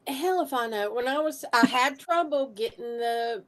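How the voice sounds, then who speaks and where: A woman's voice: a little high, expressive, normal speed. A woman co-hosting a live stream, telling stories casually and laughing. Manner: storytelling, laughs. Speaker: co-host.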